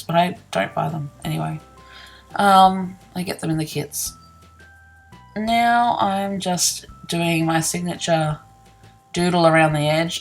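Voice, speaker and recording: Low, gravelly-voiced woman, sleepy. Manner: chatty, self-deprecating, laughs often, yawning. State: sleepy, yawning. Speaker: scrapbooking vlogger. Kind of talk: casual voice-over narrating a craft process.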